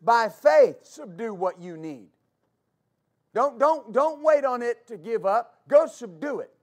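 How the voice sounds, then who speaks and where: A fervent male pastor preaching with a notably high-pitched voice. He repeats his key phrases, stumbles into quick restarts, and calls for answers from the congregation. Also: lively intonation. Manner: call-and-response with congregation. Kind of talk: preaching a sermon.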